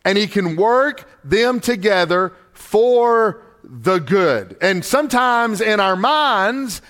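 A middle-aged man preaching a sermon as pastor, with emphatic delivery that climbs high on key points and then drops low and quiet. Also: lively intonation, slow pace.

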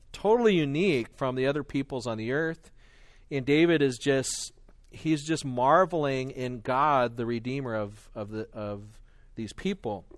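A man teaching a Bible study and reading scripture aloud, earnest and explanatory, often clearing his throat between fillers and restarts. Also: medium pitch, dry recording, studio quality. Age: adult with children.

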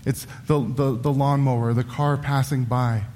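A man in his thirties preaching a sermon as pastor, earnest, with restarts and quick wry asides. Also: medium pitch, fairly even intonation, darkish tone. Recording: church hall reverb.

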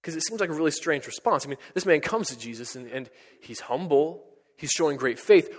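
A man preaching a sermon as pastor, earnest, building to emphatic peaks and dropping to hushed lines. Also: on the high side, lively intonation, a little fast. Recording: long hall reverb.

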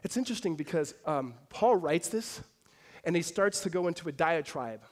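A man preaching a sermon to a congregation, telling stories with swings between hushed and emphatic delivery. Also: a little high, lively intonation, normal speed. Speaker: pastor. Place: church hall before a congregation.

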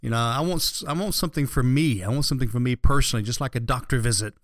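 A man's voice: medium pitch, very fast, dry recording, studio quality. A man hosting a financial radio talk show, chatting casually and rambling with lots of fillers and restarts.

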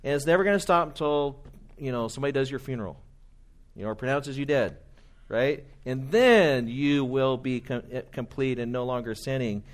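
A man's voice: mid-range voice, normal speed. A man preaching a sermon in an earnest, conversational way, often quoting hymns and older writers. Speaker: pastor.

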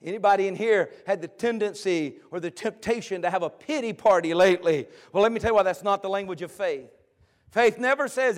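Male preacher, very high voice, fiery sermon delivery with shouted exhortations. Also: normal speed. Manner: impassioned, shouting in bursts, repetitive exhortations.

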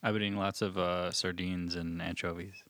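A young man co-hosting a comedy podcast, teasing his partner with dry, deadpan jabs. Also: low-pitched, moderate pace. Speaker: podcast co-host. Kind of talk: casual comedic banter.

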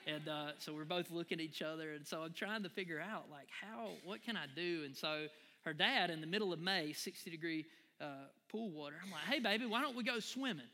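Animated man preaching in a hall. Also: on the high side, brisk. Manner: animated, folksy, addresses the crowd as y'all. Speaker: pastor. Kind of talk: sermon with personal story.

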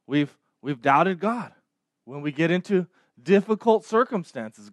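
A pastor with a fairly high, lively voice preaches at an unhurried pace, keeping his sermon conversational. He often stammers and restarts words and checks in with listeners using "right?" tags. The recording is dry and studio-clean.

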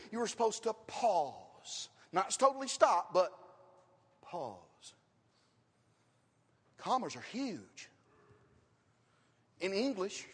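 A man's voice: very high voice, a bit bright, husky. A man preaching a sermon and teaching his congregation, with questions and emphatic repetition. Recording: long reverb of a hall.

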